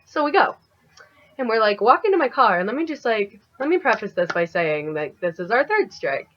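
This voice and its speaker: A woman's voice: on the high side, fairly quick, lo-fi sound, a little hiss or hum. Chatty young woman telling a story. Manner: chatty, animated, heavy use of "like". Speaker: vlogger. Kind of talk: casual storytime monologue.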